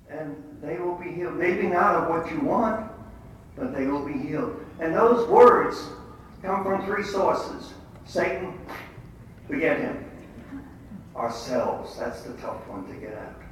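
An older man giving a faith talk to a group, telling stories with quoted dialogue in an emphatic way. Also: sits high. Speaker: lay speaker at a prayer meeting. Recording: echoey hall, distant mic, faint background noise.

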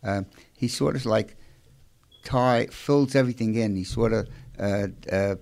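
A man with a Brooklyn accent, co-hosting a casual faith talk, halting with many fillers and affectionate. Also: lowish voice, creaky, darkish tone. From Brooklyn, New York. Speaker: co-host.

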